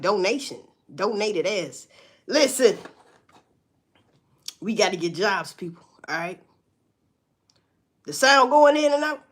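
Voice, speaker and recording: Woman on a livestream chatting w/ viewers, cussing, blunt, voice swings up and down a lot. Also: mid-range voice. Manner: blunt and profane, with emphatic rising outbursts. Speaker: livestream host. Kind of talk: casual livestream chat to viewers.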